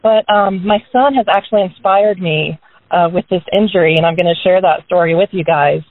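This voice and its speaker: A woman's voice: on the low side, fairly quick, dry recording. A woman giving a casual, upbeat motivational talk to her business team on a group call from a parked car, leaning on tag questions as she talks. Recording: dry, tinny phone-line sound.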